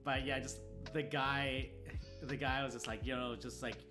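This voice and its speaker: A man in a casual stream chat, telling a long story with lively, put-on quotes. His voice sits at an ordinary middle pitch. Music plays clearly behind him. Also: moderate pace. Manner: animated, acts out the other people's lines in his story.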